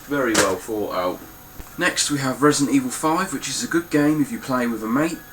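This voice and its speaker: A man's voice: mid-range voice, brisk, fairly bright tone, slight background noise, rough recording. A young man talking casually through his game collection, blunt and swearing freely. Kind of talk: casual spoken collection walkthrough.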